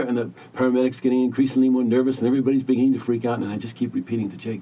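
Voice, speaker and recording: A man who works as a hospice caregiver, telling a story as a podcast guest in an earnest, gentle, measured way. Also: mid-range voice, flat delivery, slightly rough, far from the mic. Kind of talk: reflective storytelling interview.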